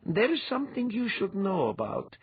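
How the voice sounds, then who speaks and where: A man's voice: high-pitched, huge pitch swings, moderate pace, slightly rough, dry recording, phone-quality sound, pitched above the performer's own voice, exaggerated voice. A man playing a wry, teasing wise woman. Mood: calm. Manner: dryly teasing.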